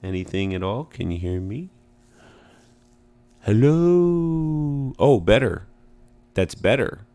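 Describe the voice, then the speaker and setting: A man's voice: low-pitched, normal speed, a little mellow. A young man streaming a game live, chatting casually and interrupting himself while he fixes his audio.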